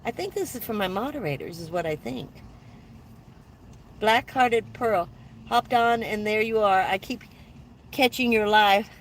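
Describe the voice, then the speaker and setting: A woman's voice: mid-range voice, measured pace, pauses often, a little hiss or hum. An older woman hosting a casual live stream from her van, rambling along and greeting viewers by name.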